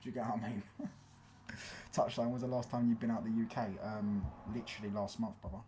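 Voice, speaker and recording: A man with a London accent hosts a loose, slang-heavy football live stream. His voice sits on the low side and he keeps checking that his listeners follow him. He answers chat comments in a relaxed, rambling way. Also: brisk, slight background noise. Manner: casual slangy, keeps asking "do you get what I'm saying".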